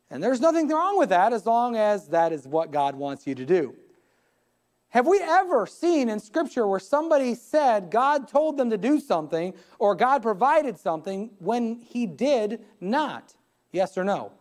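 A man's voice: extremely high pitch, a little mellow. A man, the pastor, preaching a live church sermon, building emphasis and retelling scripture scenes in quoted voices. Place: church sanctuary.

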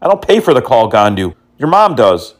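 A man's voice: medium pitch, big pitch swings, normal speed. A man prank-calling phone scammers, teasing and mocking them and dropping in Hindi words and insults. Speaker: scam-baiting prank caller.

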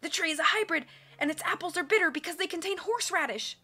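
A woman voicing a poisoned, bookish teenage boy whose voice comes out rough and wheezy. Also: very high voice, quick pace, bright, forceful tone, pitched above the performer's own voice. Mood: wheezy, strained.

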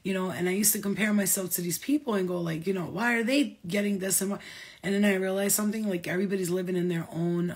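A woman talking as a spiritual medium in a casual vlog, rambling, excitable and full of swearing. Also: mid-range voice, slightly rough.

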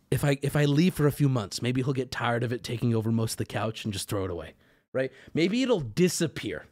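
A man livestreaming from his home setup, telling his chat a story in an animated, profane, self-mocking rant. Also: fairly high pitch.

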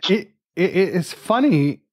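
A man's voice: high-pitched, lively intonation, slow pace, husky. A man from Canada hosting a casual music podcast, chatty and jokey as he leads his friends through the discussion. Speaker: podcast host.

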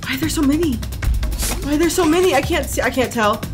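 A woman's voice: sits high, quick pace. A young woman streaming a horror game, panicky, repeating herself and swearing a lot. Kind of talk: live game commentary. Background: game music.

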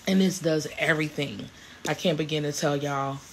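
A woman's voice: low voice, steady tone, normal speed, slight background noise. A woman, chatting casually to camera in a vlog, grateful and rambling with many restarts. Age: 40s. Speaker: vlogger.

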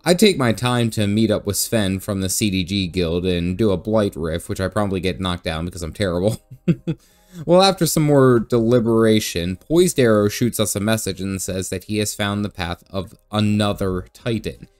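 A man's voice: lowish voice, moderate pace, a little mellow. A man recapping a game playthrough in a casual, jokey, chatty way, often laughing. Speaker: gaming video creator.

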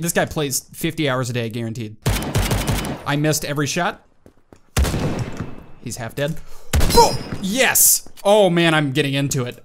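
A man giving casual let's-play commentary on a shooter game, excitable and prone to sudden yelps and exclamations. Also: on the high side, very noisy. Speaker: gaming YouTuber. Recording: loud game gunfire behind voice. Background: video game gunshots and effects.

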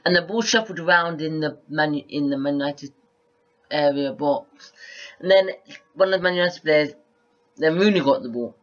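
A male football vlogger giving a casual, rambling match review to camera, excitable and often repeating himself. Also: a little high, normal speed, long pauses, dull audio.

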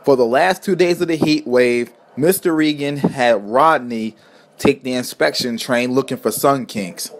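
A man's voice: medium pitch, measured pace. A man narrating a homemade storybook tale in a plain, earnest reading voice.

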